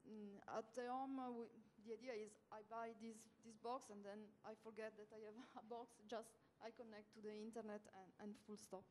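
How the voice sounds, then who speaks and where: A woman with an Italian accent, a non-native speaker of English, speaking on a conference panel and pausing often with "uh" fillers. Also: a little high, little pitch movement, a little hiss or hum. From Italy. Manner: hesitant, many "uh" fillers, soft laughs. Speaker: service provider panelist.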